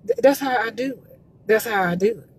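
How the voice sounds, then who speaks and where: A woman's voice: fairly high pitch, brisk, slight background noise. A woman from Georgia, promoting gospel quartet music in an emphatic, repetitive, preachy live talk from her phone. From Columbus, Georgia. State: emotional, near tears. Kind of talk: live social media talk. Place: in a car by the road.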